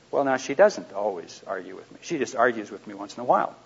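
A man teaching a live audience in a conversational way, asking them questions and dropping into quiet asides. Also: lowish voice, big pitch swings, quick pace, gravelly, few pauses, husky. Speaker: seminar speaker. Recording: dull lo-fi recording.

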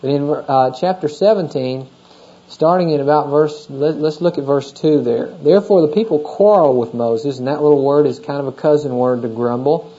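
Working through scripture in an expository sermon, a male pastor speaks in a fairly high, dark-toned voice with fairly even intonation and normal speed. His manner is conversational, and he keeps checking in with the congregation by asking questions, all captured on a dull lo-fi recording.

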